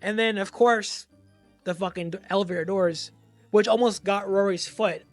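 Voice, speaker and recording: A man's voice: high-pitched, fairly even intonation, normal speed, faint music behind. A man co-hosting a casual movie podcast, swearing freely and acting out lines from scenes. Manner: profane, acts out lines from scenes. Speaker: podcast co-host.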